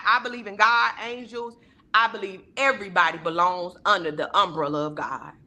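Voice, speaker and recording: A woman speaks on a video call, giving a heartfelt testimony. Her voice is bright and forward, and her delivery is emphatic and preacher-like. She slips into other people's voices as she quotes them. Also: on the high side. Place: virtual town hall video call.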